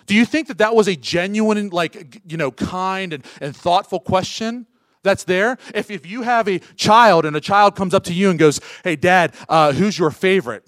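A man preaching a sermon as pastor, firing rhetorical questions at the congregation and swinging from loud urgent peaks to soft hushed asides. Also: high voice, moderate pace, no echo.

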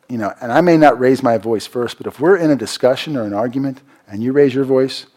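A man preaching a sermon, repeating phrases for emphasis and swinging from loud, raised lines to quiet, low asides. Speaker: pastor.

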